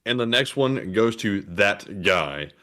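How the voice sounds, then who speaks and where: A man's voice: fairly low pitch, lively intonation, slow, pushed and bright. A man co-hosting a live stream, reading viewer messages and making dry jokes. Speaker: co-host reading super chats. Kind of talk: casual live-stream banter.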